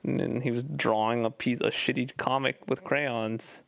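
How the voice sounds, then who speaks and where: A man co-hosting a podcast in casual chat, relaxed and rambling with restarts. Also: medium pitch, moderate pace, creaky, dry recording. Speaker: podcast co-host.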